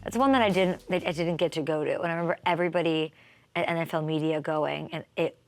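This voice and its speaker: A woman hosting a sports talk show, delivering an excitable, energetic monologue that swings widely in pitch. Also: fast, faint music behind.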